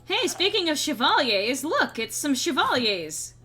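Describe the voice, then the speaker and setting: A woman's voice: sits high, sing-song, unhurried, music in the background. Chatty young woman streaming a game. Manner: chatty, rambling, clears her throat often. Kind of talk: casual gameplay commentary.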